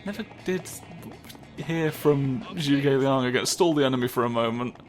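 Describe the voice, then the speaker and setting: A man's voice: medium pitch, moderate pace. A man giving casual, rambling commentary over his gameplay, joking and swearing often. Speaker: let's play host. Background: game music.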